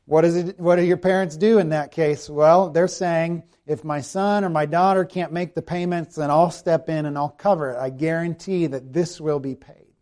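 A man preaching a sermon as pastor, explaining scripture with rhetorical questions and slow, deliberate readings of the verses. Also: on the high side, steady tone, a little mellow.

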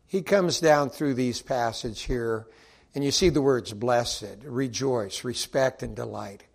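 A man preaching a sermon, acting out quotes and swinging from loud to quiet. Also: medium pitch. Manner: animated, acts out quotes, rises and drops in volume.

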